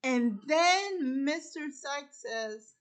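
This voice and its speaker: High-pitched woman, very slow halting retelling. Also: expressive. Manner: halting, strings events with many repeated "and then". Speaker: host retelling a film plot. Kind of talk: casual plot retelling.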